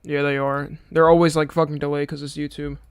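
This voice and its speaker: A man's voice: fairly high pitch, flat delivery, a little fast, smooth, no echo. A young man streaming live, chatting casually and a little tired, swearing freely as he greets viewers by name.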